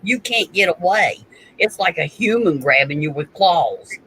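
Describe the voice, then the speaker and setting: Casting: high-pitched, animated man, quick casual chatter, faint hiss. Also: rough recording. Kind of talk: casual chat.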